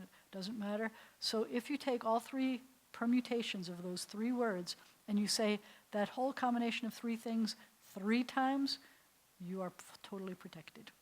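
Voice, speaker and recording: Woman rabbi teaching a prayer class. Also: medium pitch. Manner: recites Hebrew prayers slowly, then translates phrase by phrase. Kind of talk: adult education class on prayer.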